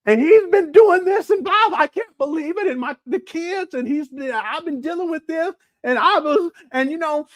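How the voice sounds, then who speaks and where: A man's voice: animated, normal speed, hardly any pauses, dry recording. A man mimicking a distraught, shaky-voiced woman. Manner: high, shaky, breathless. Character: distraught woman exposing her husband.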